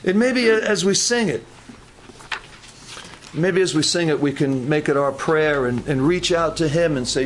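High-voiced man preaching a sermon. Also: expressive, normal speed. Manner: repetitive, call-and-response preaching with audience questions. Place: church service.

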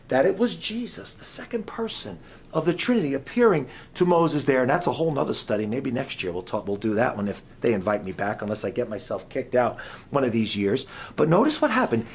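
A middle-aged man preaching a sermon as a guest speaker, quizzing the audience and swinging between soft asides and loud emphasis. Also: fairly high pitch.

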